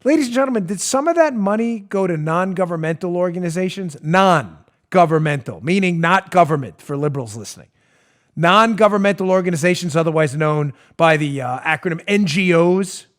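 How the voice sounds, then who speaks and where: A man's voice: sits high, moderate pace. A male podcast host delivering an emphatic, sarcastic opinion monologue. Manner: emphatic, sarcastic, animated ranting. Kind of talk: opinionated talk show monologue.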